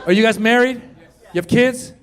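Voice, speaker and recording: A man doing a stand-up comedy set, loudly working the crowd on a club stage. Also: very high-pitched, normal speed. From Iran. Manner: loud animated crowd work. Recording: live club with crowd noise. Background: audience laughter.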